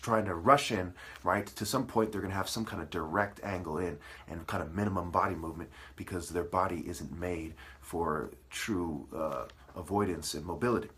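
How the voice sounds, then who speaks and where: A man's voice: sits low, fairly bright tone. A man delivering a profane, preachy monologue, breaking words apart into syllables as he lectures. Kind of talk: ranting monologue.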